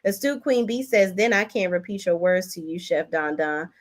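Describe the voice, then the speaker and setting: Lively woman reading live-stream chat. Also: normal speed. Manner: animated, swoops high when thanking viewers; chatty, Southern-tinged slang like y'all and child.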